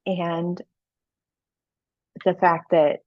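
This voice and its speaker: A woman's voice: lowish voice, flat delivery, extremely slow, no room sound, narrow, tinny audio. Thoughtful woman podcast host. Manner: warm, thoughtful, searching for words. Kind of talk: interview conversation.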